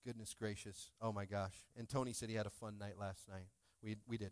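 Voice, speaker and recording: A man's voice: on the low side, a little fast, smooth. A man preaching a casual sermon as pastor, joking and talking straight to the congregation. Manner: joking, animated, talks to the congregation.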